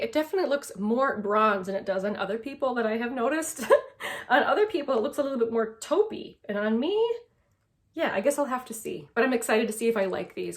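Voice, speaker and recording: A woman beauty vlogger chatting casually to the camera, enthusiastic and quick to laugh as she talks through her products. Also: on the high side. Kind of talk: casual makeup chat to camera.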